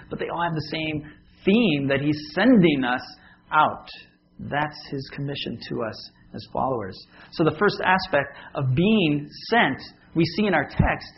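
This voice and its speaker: A man's voice: fairly high pitch, dull audio, slight background noise. A man preaching a sermon as pastor, talking casually and joking with his congregation.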